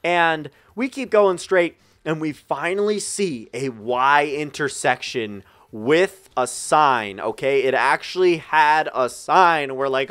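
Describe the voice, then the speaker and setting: A man's voice: fairly high pitch, takes it slowly, hardly any pauses, fairly bright tone, clear, resonant tone. A young man telling a rambling, profane story in a casual storytime video, talking straight to his viewers. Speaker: gaming channel storyteller. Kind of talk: casual storytime over gameplay.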